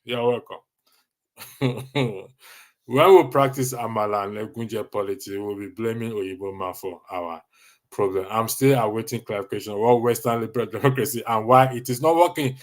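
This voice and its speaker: A man's voice: lowish voice, moderate pace. A Nigerian man hosting a casual live stream, reading viewer comments with a jokey, teasing manner and frequent laughter.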